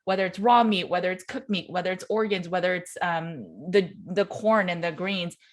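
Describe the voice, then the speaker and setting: A woman's voice: fairly low pitch, fairly even intonation, normal speed. A woman hosting a podcast, chatting casually with her guest, agreeable and thinking aloud as she talks. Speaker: podcast host. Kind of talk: casual interview chat.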